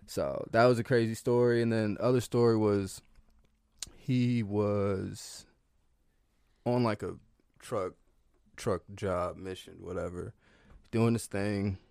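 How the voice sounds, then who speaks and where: Man, low-pitched, dry sound, casual profane storytelling, podcast guest. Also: fairly even intonation, slow pace, vocal fry, pauses often, a little mellow, clean tone, no room sound. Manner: loose and profane, with many fillers and laughs.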